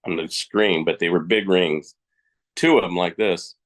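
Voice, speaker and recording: Deep-voiced man telling a frank story. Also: unhurried. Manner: frank, colloquial, plainspoken storyteller. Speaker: podcast guest. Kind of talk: personal storytelling in conversation.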